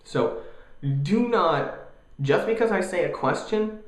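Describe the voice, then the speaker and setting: Echoey, animated young man ranting. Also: high-pitched, takes it slowly. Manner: animated, jokey, mocking voices. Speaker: vlogger. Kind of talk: casual ranting vlog.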